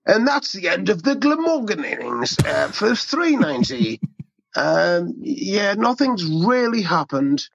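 A man's voice: sits high, sing-song, measured pace, vocal fry, fairly bright tone, muffled recording, a little hiss or hum. An English man rambling in a hesitant voicemail. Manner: rambling and hesitant, tipsy-sounding. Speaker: voicemail caller.

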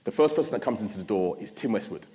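A man from South London with a London accent, giving an address as a guest speaker. He tells his story in an animated way and acts out his own past thoughts. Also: on the low side, rapid-fire, background noise. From South London, England. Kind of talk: storytelling talk. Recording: long reverb of a large hall.

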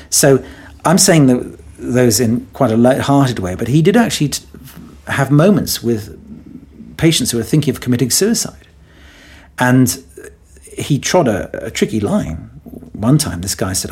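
A man talking in a relaxed interview, telling stories and teasing as he acts out quotes. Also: medium pitch, moderate pace, breathy edge. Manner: playful, teasing storyteller who acts out quotes. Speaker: guest. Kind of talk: conversational podcast interview.

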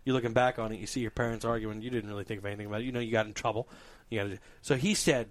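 A man hosting a casual podcast, telling animated stories and laughing often. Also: on the low side, very fast. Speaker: podcast host. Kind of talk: casual storytelling chat.

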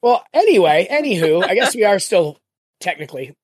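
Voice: medium pitch, very animated, fairly quick, slightly rough, dry recording, clean studio sound. A podcast host chatting casually in a rambling, jokey way while recapping the story so far. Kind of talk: casual chat.

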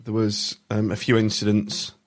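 A man hosting a casual chat, speaking in a measured, hesitant way. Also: lowish voice, completely flat delivery, heavy background noise. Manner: measured, hesitant, lots of fillers.

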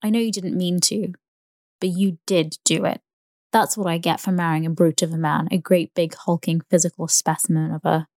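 A woman reading aloud and voicing a flighty, excitable young woman with a breathless, airy lilt. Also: on the low side, normal speed, dry recording, studio quality, natural voice. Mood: accusing.

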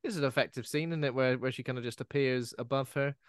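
A man's voice: medium pitch, quick pace, clear, resonant tone, dry recording, clean studio sound. A man co-hosting a podcast, recapping a film plot in a jokey way with lots of fillers. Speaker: podcast co-host. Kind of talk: casual podcast chat.

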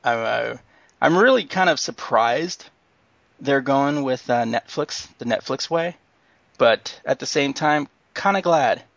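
A man with a gravelly, fry-edged voice co-hosts a podcast, reading news with plenty of "um"s and laughs. He sounds giddy. The recording is dry and somewhat muffled. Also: medium pitch, measured pace, dry recording. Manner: excited, laughs often, reads news with fillers. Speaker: podcast co-host. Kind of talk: casual news chat.

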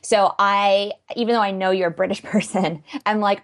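A woman's voice: medium pitch, fairly even intonation, moderate pace. A young adult woman with a North American accent, a writer chatting as a podcast guest in a bubbly, chatty manner. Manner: chatty, bubbly, frequent "like" fillers. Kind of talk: casual chat.

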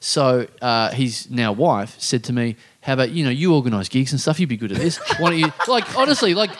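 A man's voice: mid-range voice, a little fast, noisy background. A man telling a story in casual podcast chat, swearing freely and acting out the other people in it. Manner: animated, acts out quoted voices, swears freely.

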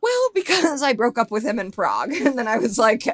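A woman's voice: on the high side, big pitch swings, fairly quick, no echo, clean studio sound. A woman co-hosting a podcast, chatting casually about a TV movie with frequent laughs and playful asides. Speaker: podcast co-host. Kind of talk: casual chat reviewing a TV movie.

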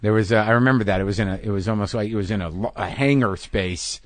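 A man with a fairly low voice runs a casual interview chat, speaking in a loose, self-deprecating way with quick asides. The sound is close and dry, with no room around it. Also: no room sound. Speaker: podcast host.

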